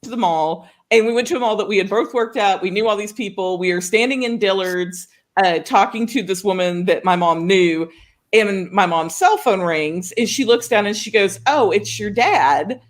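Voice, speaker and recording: A woman from Oklahoma co-hosting a show, telling a story in casual chat with an animated, laughing manner. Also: medium pitch, moderate pace. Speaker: co-host of a writing show.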